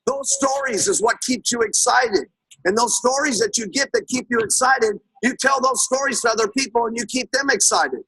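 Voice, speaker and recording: A man's voice: very high voice, animated, normal speed, fairly bright tone, husky, poor audio. A man giving a motivational sales talk, telling emphatic stories and often checking in with his listeners. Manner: emphatic storytelling, keeps asking "okay?". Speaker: sales trainer.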